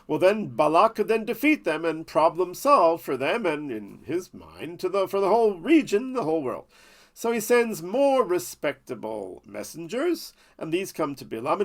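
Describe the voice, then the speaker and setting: A man's voice: fairly high pitch, very animated, normal speed. A man telling a Bible story as a lesson, with playful, jokey asides. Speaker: Torah teacher.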